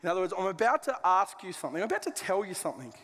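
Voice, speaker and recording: A man's voice: sits high, sing-song, racing, fairly bright tone, big-room sound. A man preaching a sermon as a pastor, conversational and joking with colloquial asides. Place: church auditorium.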